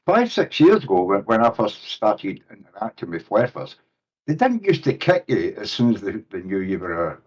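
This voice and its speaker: A man's voice: lowish voice, big pitch swings, moderate pace, a little mellow, slightly rough. A man calling into a voice chat, talking in a rambling, reflective way with the odd chuckle, over muffled audio. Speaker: guest caller. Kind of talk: casual voice-chat conversation.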